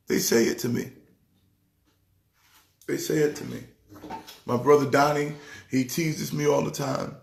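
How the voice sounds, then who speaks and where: A man who is a pastor, talking sports casually in an excitable way, repeating words with a preacher's rhythm. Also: mid-range voice, measured pace, creaky, long pauses, echoey room. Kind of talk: casual sports talk show.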